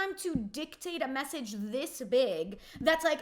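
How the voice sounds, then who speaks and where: A woman's voice: high voice, expressive, a little slow. A woman in her twenties giving a casual, opinionated recap of a reality TV episode, filling her talk with "like". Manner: chatty and opinionated, heavy use of "like".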